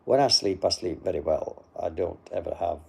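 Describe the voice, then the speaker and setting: A man's voice: low-pitched, moderate pace, gravelly, mellow, slightly rough. An older man who chats in a casual, dry and rambling way as he answers live comments into a phone. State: sleepy, yawning. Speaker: livestream host.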